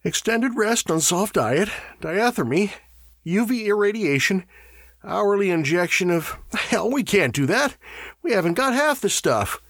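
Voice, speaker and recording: Man reading as a bossy older medic, raised husky pitch, urgent, dry sound. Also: big pitch swings, measured pace, no room sound, full character voice. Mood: alarmed. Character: gruff older male medic, anxious and bossy.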